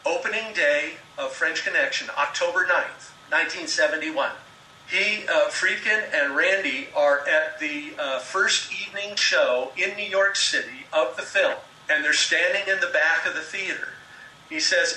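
A man telling behind-the-scenes film stories in a relaxed conversation, often quoting what others said. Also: fairly high pitch, unhurried, reverberant, far from the mic, slight background noise, rough recording. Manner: storytelling, retells anecdotes with quoted dialogue.

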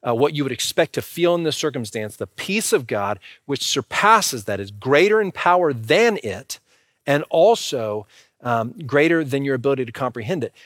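A man's voice: medium pitch, expressive, normal speed, fairly bright tone, no room sound, studio quality. A man preaching a sermon in a conversational way and speaking directly to the congregation. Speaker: pastor.

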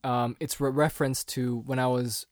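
A man co-hosting a casual chat, rambling loosely through stories and laughing easily. His voice sits at a middle pitch and sounds close and dry, with no room echo. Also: fairly even intonation, moderate pace. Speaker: podcast co-host.

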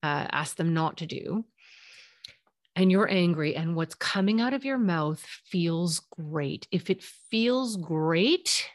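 A woman's voice: lowish voice, animated, slow, no room sound, clean studio sound. A woman therapist hosting a parenting podcast, talking earnestly and conversationally and sometimes acting out short quotes. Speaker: podcast host, child and family therapist. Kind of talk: solo parenting podcast talk.

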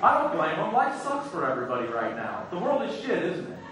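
A man doing a loud, crude stand-up set, teasing the crowd and breaking into sung bits. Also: on the high side, huge pitch swings, a little fast, noisy background. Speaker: stand-up comedian. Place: comedy club stage. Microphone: handheld stage mic. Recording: echoey club heard from far off, with music.

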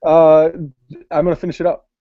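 A man voicing a brash male Jersey tough-guy customer with a loud, street-tough drawl, in a dull, muffled podcast recording. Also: a little high, monotone, brisk, voice pushed up, natural voice. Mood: joking swagger.

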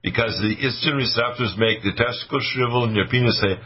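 A man's voice: mid-range voice, quick pace, slightly rough, natural voice. A man putting on a macho bodybuilder-actor voice as a mocking joke. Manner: mocking, joking. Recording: muffled radio audio, faint music.

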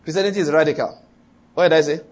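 Man pastor preaching, kinda high husky voice, keeps repeating himself and asking the crowd stuff. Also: fairly even intonation, very fast. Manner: emphatic, repetitive, quizzes the congregation. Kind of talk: sermon.

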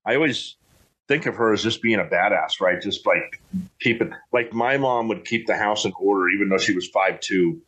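A middle-aged man with a fairly low voice chats in a loose, folksy way. He rambles and restarts his sentences often. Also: moderate pace, fairly bright tone, breathy edge. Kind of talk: casual chat.

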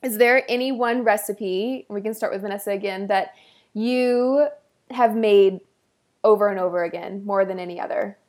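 A woman hosting a podcast interview, upbeat and quick to laugh as she asks questions. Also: medium pitch, a little mellow. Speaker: podcast host. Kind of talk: casual interview.

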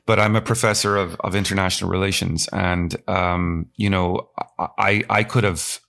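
A man hosting an interview who talks in an animated, halting way, stopping and restarting his sentences. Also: deep voice, gravelly. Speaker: podcast host, professor. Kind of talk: conversational interview.

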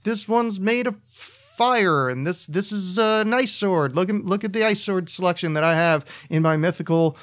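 A man voicing a quirky cartoon sword merchant in a weird, high, up-pitched voice with chirpy sales patter. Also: moderate pace, few pauses, a bit bright. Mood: chirpy salesman.

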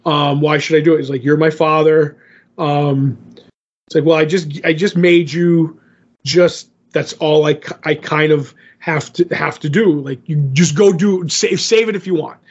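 A man's voice: fairly high pitch, fairly even intonation, normal speed, slightly rough. A man casually recapping a comic book story on a podcast, rambling and loosely paraphrasing the characters' lines. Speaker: podcast co-host. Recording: muffled lo-fi podcast audio.

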